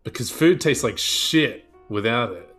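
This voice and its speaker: A man's voice: medium pitch, expressive, a little slow, fairly bright tone, soft background music. A man telling a rambling, profane, joking history rant in a casual podcast chat over a video call. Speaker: podcast co-host. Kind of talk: casual chat, comic storytelling.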